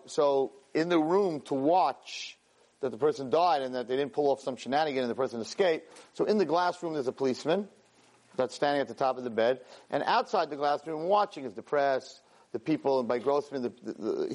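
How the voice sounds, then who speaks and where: A man teaching a weekly class, telling a story with lively energy, stumbling over and repeating words and acting out the characters' lines. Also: medium pitch, a little fast. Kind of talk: animated storytelling lesson.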